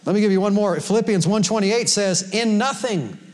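A man's voice: high voice, steady tone, brisk, a little mellow. A man preaching a sermon to a congregation in a folksy way, laughing often and quoting scripture. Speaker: pastor. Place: church sanctuary before a congregation.

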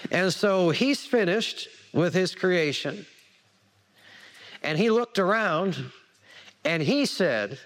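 A man's voice: sits high, animated, slow pace, pauses often. A man preaching a sermon, repeating words for emphasis and asking the congregation questions. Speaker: pastor.

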